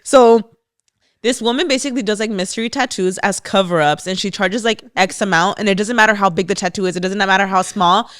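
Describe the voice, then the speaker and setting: A woman's voice: mid-range voice, brisk, fairly bright tone. A young woman co-hosting a podcast, chatting casually and animatedly, swearing and laughing often. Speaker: podcast co-host. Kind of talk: casual gossip chat.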